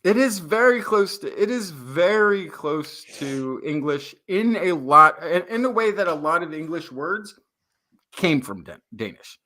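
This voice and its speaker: A male podcast co-host from the United States, talking casually in a rambling, halting way. His voice sits a little high, with lively pitch swings and a bright, forceful tone. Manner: rambling, full of restarts, animated. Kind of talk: casual chat.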